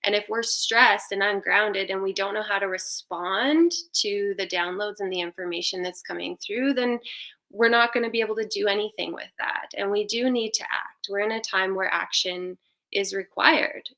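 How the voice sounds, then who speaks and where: A woman's voice: medium pitch, sharp tone. A woman giving spiritual advice in a casual, meandering way, with many fillers and restarts. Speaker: spiritual guest speaker.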